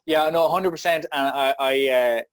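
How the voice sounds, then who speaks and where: Man guest, mid voice, lively and jokey, dry close mic. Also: medium pitch, moderate pace, dry recording. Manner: animated, jokey, exasperated asides. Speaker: podcast guest, business founder. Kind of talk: casual conversational interview.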